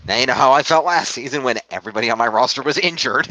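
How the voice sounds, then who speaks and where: A man's voice: mid-range voice, very fast, bright, forceful tone, a little hiss or hum. A man co-hosting a casual podcast, reading out scores with a dry, sarcastic manner. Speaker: podcast co-host. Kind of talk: casual chat.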